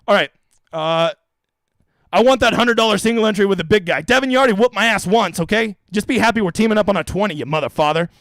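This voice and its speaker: A man's voice: sits high, fast talker, fairly bright tone, no room sound. A young man hosting a live stream, answering chat questions with brash, jokey, crude banter. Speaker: fantasy golf streamer.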